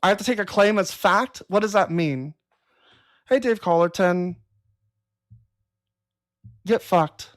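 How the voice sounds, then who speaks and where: A woman hosting a live stream talks casually and reads chat comments, answering them in a blunt, profane, exasperated way. Her voice is medium-pitched and moderately paced.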